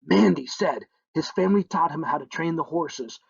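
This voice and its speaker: A man's voice: fairly high pitch, lively intonation, moderate pace, creaky, breathy edge, no room sound. A man narrating a children's story in a playful way, humming sound effects between lines, on a dull lo-fi recording.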